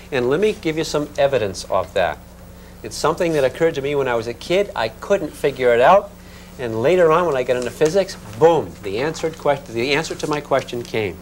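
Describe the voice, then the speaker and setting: A man teaching a physics class in a classroom, talking in a relaxed, conversational way and checking in with his students. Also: medium pitch, a little fast, a little hiss or hum. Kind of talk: classroom lecture.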